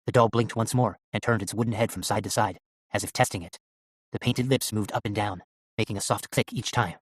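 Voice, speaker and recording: A man narrating an audiobook in an animated storytelling manner. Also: on the low side, fairly quick, breathy edge, no echo.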